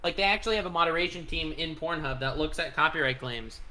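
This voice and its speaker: Playful man with a very bright voice. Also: fairly high pitch, fast, a little hiss or hum, rough recording. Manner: joking, playful. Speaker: podcast host. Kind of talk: casual chat.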